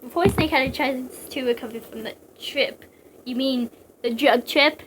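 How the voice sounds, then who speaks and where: A woman's voice: sits high, moderate pace, a little hiss or hum, rough recording. A young woman casually reading a story aloud, breaking off for giggly jokes. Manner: giggly, joking digressions. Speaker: reader.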